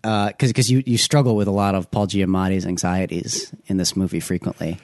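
A man's voice: sits low, steady tone, fairly quick, a little mellow, no room sound, studio quality. A man co-hosting a casual movie podcast who teases his co-host, laughs often and acts out little bits.

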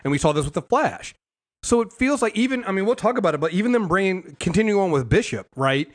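A young adult man hosting a casual TV recap show, talking in a lively, rambling way full of fillers and restarts. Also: sits high, quick pace. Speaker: podcast host.

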